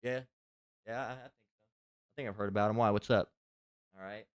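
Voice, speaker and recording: A man's voice: fairly low pitch, steady tone, a little fast, smooth, no room sound. A man giving a casual religious lesson, talking in a rambling, profane, conversational way. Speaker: religious teacher. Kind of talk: casual spoken scripture lesson.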